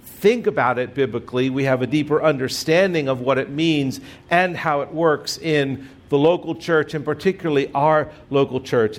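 A middle-aged man delivers a sermon as the congregation's pastor. His voice sits a bit higher than most men's. He talks in an easy, conversational way, with gentle self-deprecating humor.

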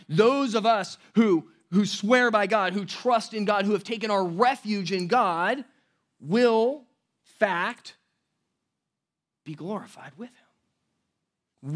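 Male pastor, high-pitched, relaxed conversational preaching with light laughs and restarts. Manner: conversational, laughing asides, repeats words. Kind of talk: sermon.

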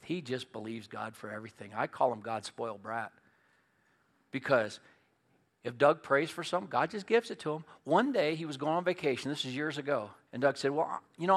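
A middle-aged pastor with a voice on the high side preaches a folksy sermon full of stories, shifting between loud, emphatic points and quiet, earnest asides.

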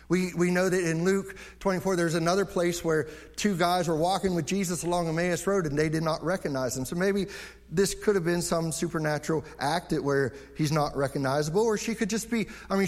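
Male pastor, sermon delivery, earnest, higher voice, stumbles and repeats at phrase starts.

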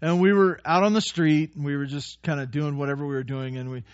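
Male pastor, slightly high voice, storytelling sermon, dry lo-fi recording. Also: a little fast, no echo. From United States. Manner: storytelling, animated when quoting. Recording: dull lo-fi dry sound.

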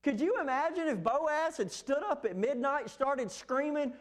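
High-voiced animated male preacher. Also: normal speed, hardly any pauses. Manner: animated, acts out scripture quotes with rising pitch. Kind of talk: sermon.

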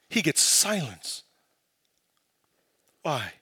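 A man preaching a sermon, building from quiet, searching questions to impassioned, emphatic peaks. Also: high voice, sing-song, takes it slowly, long pauses, breathy edge, dry recording. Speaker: pastor.

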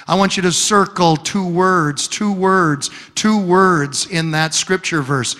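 Male pastor, bright and high, slow, deliberate sermon delivery, humorous storyteller. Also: long reverb tail. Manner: storytelling with humor and emphatic repetition.

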